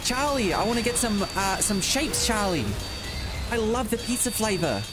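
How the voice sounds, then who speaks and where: A man's voice: high-pitched, animated, normal speed, music in the background, voice pushed up. A man putting on a cheerful, sing-song cartoon character. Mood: chirpy.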